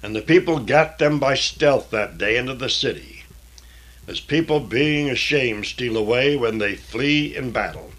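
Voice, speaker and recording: Slow, deliberate man reading scripture. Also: mid-range voice, expressive, a bit bright. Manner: deliberate old-fashioned scripture diction with plain asides. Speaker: Bible reader and teacher.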